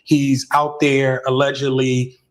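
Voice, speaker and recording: A man's voice: level tone, slow. A middle-aged man telling a long story as an interview guest. He keeps checking in with "right?" and stumbles over restarts. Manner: keeps asking "right?" with frequent stammered restarts; shifts into a higher voice when quoting others.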